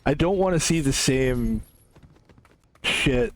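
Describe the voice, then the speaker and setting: A man's voice: medium pitch, animated, slow, a little hiss or hum. A man from the United States rambling casually while streaming a game, often trailing off, restarting and laughing.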